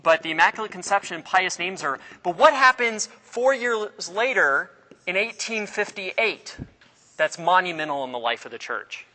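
Guy teaching a religion class, quizzing the kids, bright voice, echoey hall. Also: sits high, expressive, normal speed. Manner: quizzes the class, restarts sentences, storytelling. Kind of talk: classroom lecture. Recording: long reverb of a hall.

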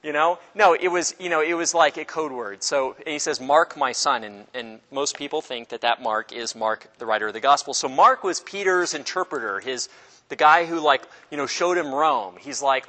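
A man's voice: fairly high pitch, moderate pace, pushed and bright, in a large hall. A man teaching a casual Bible class, chatty and joking with his students, acting out little voices as he explains.

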